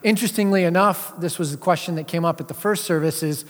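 A man's voice: a little high, fast. A man giving a sermon as pastor, in a conversational way with frequent filler sounds. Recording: long reverb of a large hall.

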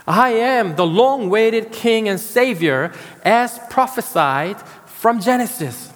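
A man preaching a sermon as pastor, slow and emphatic, pausing to stress key words. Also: sits high, animated, fairly bright tone, long reverb tail.

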